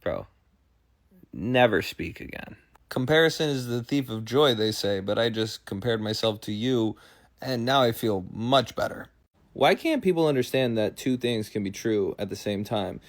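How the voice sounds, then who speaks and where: A man's voice: medium pitch, animated, normal speed, no room sound, clean studio sound. A man doing comedic monologue clips, sarcastic and ranting, with frequent profanity.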